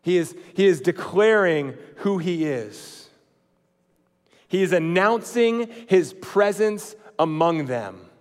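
A man's voice: high voice, expressive. Man preaching in a reverberant hall. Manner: swings between loud emphatic lines and quiet, slow, hushed ones; conversational, with fillers and restarts. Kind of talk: sermon.

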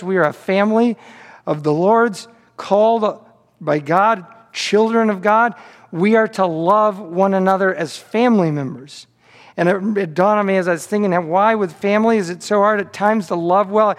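A man's voice: high voice, gravelly, long reverb tail. A man pastor delivering a sermon, telling a story with frequent repeated words on restarts.

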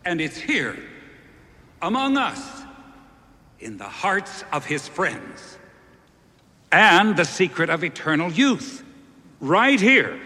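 A man playing a minister giving a measured eulogy at a funeral, in a film clip. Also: on the high side, bright, forceful tone, full character voice. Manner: measured, slow oratory. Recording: film clip with long reverb.

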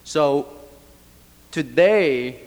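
A man's voice: a little high, expressive, drawn-out words, darkish tone. A man from Cuba giving an earnest, reflective personal talk, with fillers and restarts. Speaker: speaker. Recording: long reverb of a hall.

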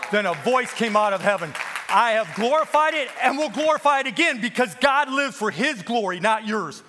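A man preaching a fiery sermon, firing rhetorical questions and quoting scripture, swinging from loud to hushed. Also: sits high, a little hiss or hum. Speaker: guest preacher.

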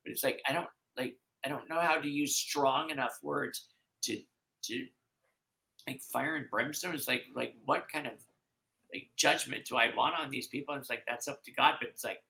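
A man talking as a guest in an interview, with a bright, pressing voice. He rambles and stops himself often, restarting sentences and filling gaps with "like.". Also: medium pitch, vocal fry, poor audio. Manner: rambling, halting, many fillers and restarts. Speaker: podcast guest. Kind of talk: emotional conversational interview.

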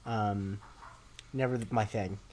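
A man's voice: on the low side, fairly even intonation, slow pace, darkish tone, slight background noise. Rambling young man recapping a show. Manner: rambling, many ums and restarts, dry asides. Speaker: podcast co-host. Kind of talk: casual chat recapping a TV episode.

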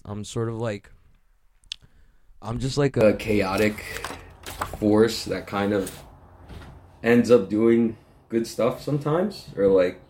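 A man with a fairly low, mellow voice rambles through a loose podcast monologue. He swears constantly and pokes fun at himself in an easy, unfiltered way. The audio is poor, recorded in his own messy room. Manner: profane, rambling, self-mocking. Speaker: podcast host.

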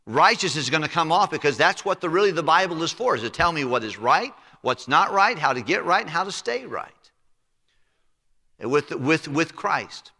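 Man, pastor, sermon, emphatic, drops quiet on key words, long church reverb. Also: fairly high pitch, sing-song, moderate pace, gravelly. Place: church sanctuary.

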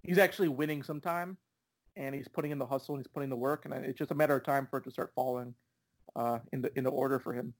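A man's voice: medium pitch, fairly even intonation, fast. Easygoing man co-hosting a soccer podcast. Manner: easygoing, agreeable, many fillers. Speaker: podcast co-host. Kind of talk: casual soccer chat.

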